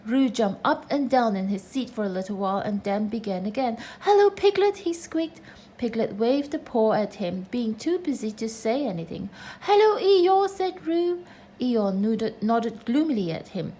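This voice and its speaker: A woman reading a children's storybook aloud in a gentle, measured way. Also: on the high side, poor audio. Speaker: reader.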